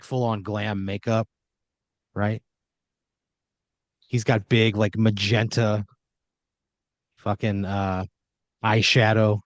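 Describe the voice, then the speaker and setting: A man's voice: on the low side, no room sound. A young man hosting a podcast, improvising a comedy story in a rambling, swearing, filler-heavy way.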